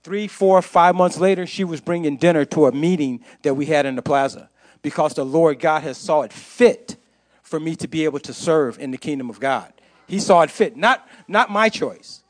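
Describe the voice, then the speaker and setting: A man's voice: fairly high pitch, moderate pace. A man giving an impassioned testimony to a church congregation, repeating phrases for emphasis. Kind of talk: sermon testimony.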